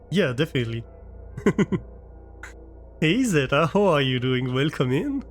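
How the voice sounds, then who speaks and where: A man's voice: mid-range voice, expressive, a little slow, long pauses, faint music behind. A man live-streaming a game from his room, chatting casually with viewers and thinking aloud as he plays. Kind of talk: casual chat while playing a game. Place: his own room at home.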